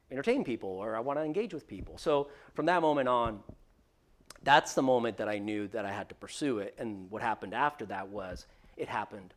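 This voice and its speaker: A man as guest speaker at a workshop, telling a story in a casual way with many fillers and acted-out quoted dialogue. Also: medium pitch.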